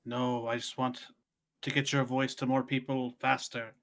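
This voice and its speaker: A man's voice: mid-range voice, flat delivery, unhurried, a bit bright. A man playing a tabletop game in character, eager and chatty. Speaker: player. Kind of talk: casual role-play in character.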